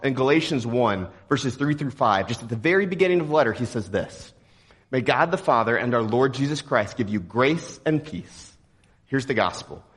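A young man from Texas preaching a sermon in a relaxed, joking, conversational way. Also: medium pitch, slightly rough. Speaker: pastor.

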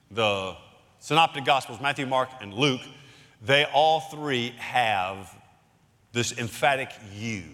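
A man preaching a sermon as pastor, walking a congregation through a Bible passage with emphatic pauses. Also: mid-range voice, bright, forceful tone. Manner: expository Bible teaching, emphatic dramatic pauses. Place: church sanctuary. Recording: long hall reverb.

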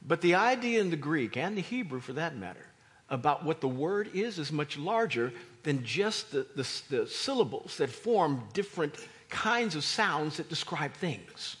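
Male pastor, sermon, bright tone, husky edge. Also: on the high side, normal speed. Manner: animated preaching, rising to near shouts for emphasis.

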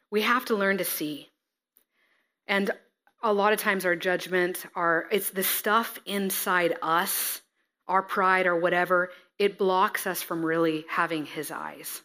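A woman preaching a sermon, reading scripture and acting out the figures with lively expression. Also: medium pitch, measured pace. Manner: expressive, acts out scripture figures, laughs at herself.

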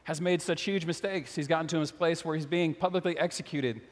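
A man's voice: a little high, steady tone, fairly quick, long reverb tail. A man preaching a sermon as a pastor, earnest and questioning, repeating phrases for emphasis.

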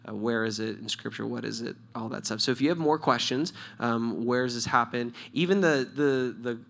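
A man with a bright, forward voice teaches in a loose, conversational way. He leads a church question-and-answer session and tells personal stories with lively energy. He breaks into laughter often. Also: medium pitch, moderate pace, vocal fry. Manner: animated, storytelling, laughs often. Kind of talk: casual spoken teaching.

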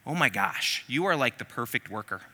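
An effusive boss gushing praise over a model worker, as a man puts him on. The tone is very bright and close to the speaker's own voice. Reverb from a large hall hangs behind him. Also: mid-range voice, animated, a little fast.

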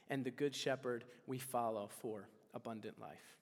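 A man's voice: mid-range voice, moderate pace, creaky, few pauses, big-room sound. A man preaching a sermon as pastor, earnest and building to urgent appeals to the congregation. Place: church hall.

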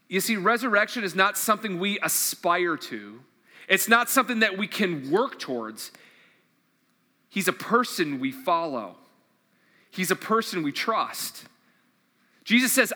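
A man's voice: sits high, animated, normal speed, sharp tone, big-room sound. A man preaching a sermon in an earnest, conversational way, often repeating questions to his listeners. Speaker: pastor.

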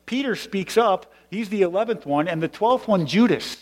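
A man's voice: high-pitched, expressive, moderate pace, hardly any pauses. A male pastor giving a sermon in a conversational, explanatory way with emphatic stresses. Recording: long hall reverb.

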